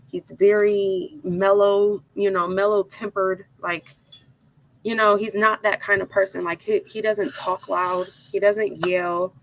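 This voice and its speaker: A woman hosting a crafting video, telling an animated, dramatic story straight to her viewers while she works. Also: mid-range voice, unhurried, slight background noise, rough recording. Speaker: crafting channel host.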